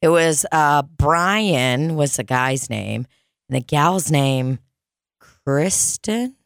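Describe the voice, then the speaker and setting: A woman's voice: very slow, gravelly, no echo, studio quality. A woman hosting a podcast, telling stories in casual chat with lots of swearing and acted-out voices. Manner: profane, animated, acts out customers in high squeaky voices. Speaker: podcast host.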